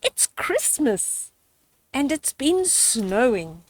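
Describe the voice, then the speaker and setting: A grandmotherly woman voicing an excited little girl mouse, squeaky and eager, in breathless exclamations for a storybook reading. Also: extremely slow, a little hiss or hum, exaggerated voice.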